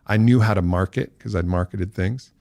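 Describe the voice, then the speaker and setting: A man in his forties, a podcast guest, telling a story in casual talk and acting out quotes with big jumps in pitch. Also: normal speed, gravelly, a little mellow, dry recording, clean studio sound.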